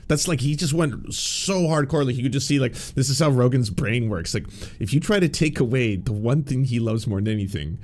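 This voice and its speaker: A man's voice: mid-range voice, animated, brisk, hardly any pauses, a little mellow. A man hosting a political commentary podcast, sarcastic and profane, rambling with restarts. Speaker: podcast host.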